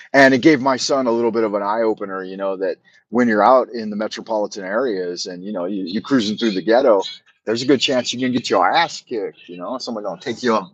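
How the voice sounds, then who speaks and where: A man's voice: lowish voice, husky, muffled recording. A middle-aged man hosting a livestream, telling stories in a loose, rambling way, with lots of fillers, restarts and swearing. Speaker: livestream host. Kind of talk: casual rambling storytelling.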